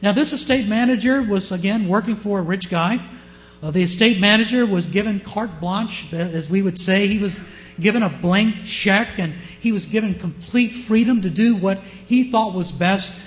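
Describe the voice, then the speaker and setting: A man with a Southern US accent preaching a sermon, often asking his listeners questions and shifting his pace and loudness. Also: high voice, moderate pace. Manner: asks the congregation questions, varies pace and loudness. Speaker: pastor.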